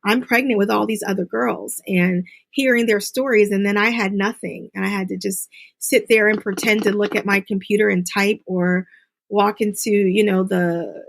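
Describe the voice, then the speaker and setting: A middle-aged woman as an interview guest, earnestly telling a personal story and mimicking others in high voices. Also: creaky. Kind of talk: interview conversation.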